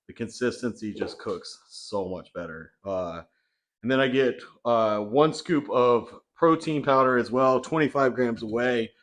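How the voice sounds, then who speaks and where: Chatty man with a lowish voice. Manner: chatty, loose, with many fillers. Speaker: bodybuilding vlogger. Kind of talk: casual vlog narration. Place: home kitchen.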